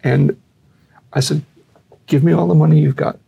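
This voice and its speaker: Gravelly storytelling man. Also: fairly even intonation, normal speed, lo-fi sound, a little hiss or hum. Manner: acts out quotes with raised pitch. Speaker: guest telling a story. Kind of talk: animated storytelling.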